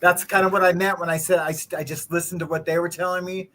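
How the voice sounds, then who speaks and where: A man in a casual chat who chimes in with quick agreement. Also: sits high, little pitch movement, pushed and bright.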